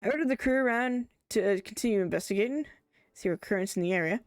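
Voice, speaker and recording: A woman voicing an earnest male scholar with an Irish accent, reading game dialogue in a measured, formal way. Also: mid-range voice, dry recording, clean studio sound, close to an everyday voice. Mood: inquisitive.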